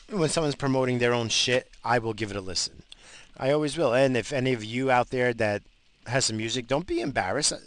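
A man's voice: mid-range voice, fairly bright tone, poor audio. A man, rambling profanely as a casual podcast host while driving. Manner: profane, blunt, bursts of road rage.

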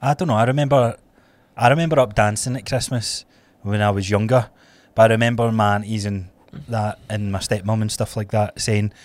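A Scottish man co-hosting a podcast, chatting in a relaxed way and throwing in quick follow-up questions. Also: on the low side, no echo. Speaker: podcast co-host. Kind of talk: casual chat.

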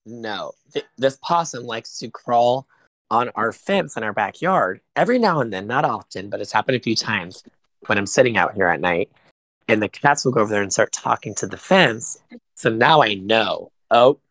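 A man's voice: lowish voice, animated, moderate pace, a bit bright, dry recording, poor audio. Teasing, foul-mouthed man on a podcast. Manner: teasing, profane, mocking. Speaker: podcast co-host. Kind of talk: casual podcast chat.

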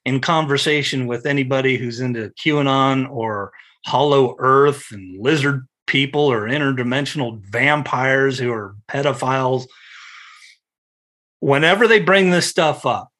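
A middle-aged man hosting a podcast, telling stories in casual, profane, animated chat. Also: mid-range voice, unhurried. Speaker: podcast host.

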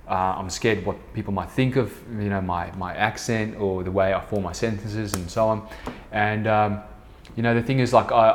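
A man's voice: fairly low pitch, slight background noise. A man in his thirties from South Africa with an Afrikaans accent, talking casually and rambling with many fillers on his own podcast. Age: 30s. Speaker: podcast host, business co-founder. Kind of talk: casual solo podcast talk.

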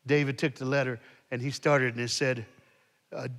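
Bright-voiced male preacher in a big hall. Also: medium pitch, little pitch movement, moderate pace. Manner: dramatic storytelling, drops soft for sad parts. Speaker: guest speaker. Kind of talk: storytelling sermon. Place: large church hall. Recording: long hall reverb.

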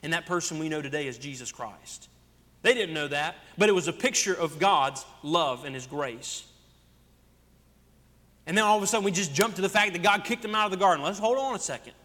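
His pitch is a little high and his tone sharp, with lively intonation and a fairly quick delivery. He is a senior pastor preaching a sermon in a church sanctuary, peppering the congregation with rhetorical questions, and the recording carries a long church hall reverb.

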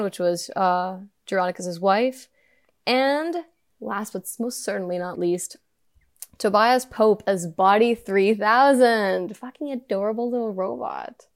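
A woman's voice: mid-range voice, clear, resonant tone. A young woman co-hosting a podcast in casual chat, laughing often and swearing offhandedly. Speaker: podcast co-host.

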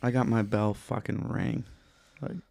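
A man's voice: on the low side, steady tone, measured pace, vocal fry, a little mellow, no echo, studio quality. A young man from Michigan, a podcast guest telling a story in a laid-back, rambling way, swearing a lot. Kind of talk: casual chat.

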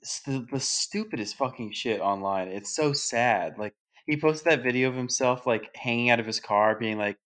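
A man joins a casual podcast chat, telling stories in an animated, profane way and laughing through them. His voice sits in the middle of the male range. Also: mid-range voice, moderate pace, few pauses. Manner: animated, profane, giggly storytelling. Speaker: podcast co-host.

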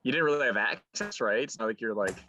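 Deadpan very low-voiced woman. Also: fast talker, a little hiss or hum. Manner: dry, deadpan joking. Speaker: podcast co-host. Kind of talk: casual chat.

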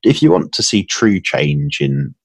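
A man's voice: low-pitched, big pitch swings, measured pace, gravelly, husky, dry recording. A man in casual podcast chat, rambling earnestly and often correcting himself. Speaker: podcast guest, hiring client.

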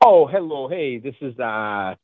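A man's voice: mid-range voice, lively intonation, unhurried, dry recording. A man with a heavy Boston accent calling in to a talk show, rambling with lots of fillers and restarts. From Boston area. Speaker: caller. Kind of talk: call-in talk. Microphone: phone call. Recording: tinny phone line.

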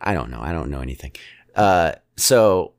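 A man co-hosting a casual chat, rambling and halting with many restarts and fillers, often chuckling. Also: rumbling low, lively intonation, no echo, studio quality.

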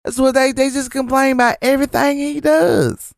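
A man voicing a starry-eyed middle-aged woman who works a fast-food counter, gushing in a breathless singsong. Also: very high voice, flat delivery, vocal fry, dry recording, studio quality, voice pushed up.

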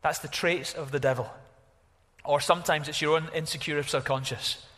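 A man preaching a sermon as pastor, animated, exclaiming at times and dropping to a hush at others. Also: a little high, normal speed, big-room sound. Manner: animated, exclaiming, varies from loud to hushed.

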